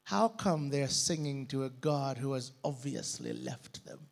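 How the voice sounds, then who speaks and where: Gravelly, animated preacher man. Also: mid-range voice, unhurried. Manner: dramatic, calls for congregation response. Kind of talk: sermon.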